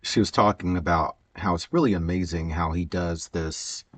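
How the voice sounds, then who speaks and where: A man's voice: low voice, steady tone, normal speed. A man chatting casually and rambling while he works on a Lego build, hesitant, with many fillers and stutters and frequent chuckles. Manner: chuckles often.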